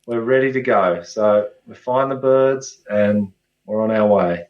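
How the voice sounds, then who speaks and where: A man talking as a guest researcher in a relaxed, friendly, plain-spoken way. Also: lowish voice, unhurried, roomy sound, lo-fi sound. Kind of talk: casual interview chat.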